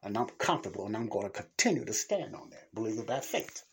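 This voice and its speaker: Husky-voiced blunt preaching man. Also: fairly low pitch, big pitch swings, fast talker, fairly bright tone. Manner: blunt, preachy, plain-spoken. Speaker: podcast host. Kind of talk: casual Christian teaching monologue.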